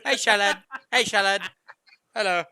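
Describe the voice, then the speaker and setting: A man in a casual group game read-through, excitable and quick to laugh, who repeats himself when he gets worked up. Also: high-pitched, clear, resonant tone.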